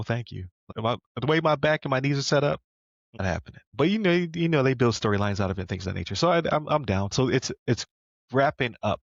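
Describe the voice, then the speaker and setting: A man's voice: on the low side, creaky, dry recording, highs cut off. A man co-hosting a podcast in casual chat, with easygoing, rambling recaps. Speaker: podcast co-host.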